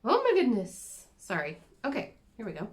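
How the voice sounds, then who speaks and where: A woman's voice: fairly high pitch, huge pitch swings, normal speed. A woman chatting casually and self-deprecatingly as she shows her cross-stitch projects to the camera. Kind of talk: casual show-and-tell chat.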